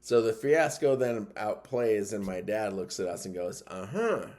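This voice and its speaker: A man's voice: fairly low pitch, normal speed. Middle-aged man chuckling through a story. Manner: chuckles often while telling, lively retelling. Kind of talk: casual personal storytelling.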